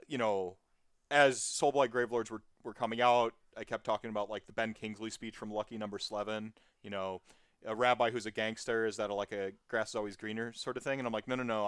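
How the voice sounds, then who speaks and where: Rambling, animated podcast guest voice. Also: medium pitch, clear, resonant tone, no echo, studio quality. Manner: rambling, animated, full of tangents and fillers. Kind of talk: casual podcast chat.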